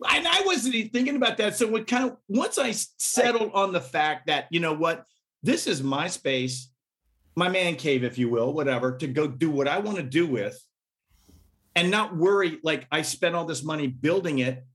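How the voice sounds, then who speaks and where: Here a middle-aged musician, a guest in a laid-back interview, tells animated stories in a somewhat high voice at a moderate pace. Quotes get acted out, and laughter punctuates his telling.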